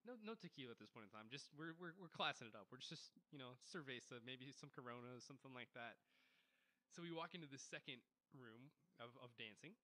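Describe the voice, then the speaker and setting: A man telling a rambling story as a podcast guest, animated and laughing, tossing in Spanish words. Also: medium pitch, brisk. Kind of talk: casual storytelling chat.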